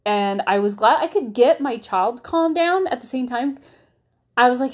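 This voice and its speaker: A woman's voice: on the high side, moderate pace. Chatty young mother talking to camera. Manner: candid and chatty, with many fillers and restarts. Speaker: mother vlogger. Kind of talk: casual chat to camera.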